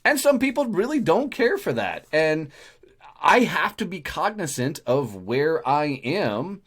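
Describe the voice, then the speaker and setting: A man's voice: on the high side, sing-song, unhurried, a bit bright. A middle-aged man hosting a talk show, speaking bluntly and frankly in an earthy, self-deprecating way. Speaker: podcast host. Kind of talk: candid conversational talk.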